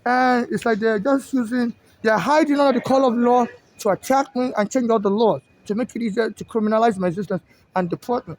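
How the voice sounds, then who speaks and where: A man's voice: very high-pitched, brisk, darkish tone, poor audio. A man with a Nigerian accent, from Nigeria, talking outdoors in an agitated, repetitive complaint that he aims straight at an official. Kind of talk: direct-to-camera complaint. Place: outdoors in a city.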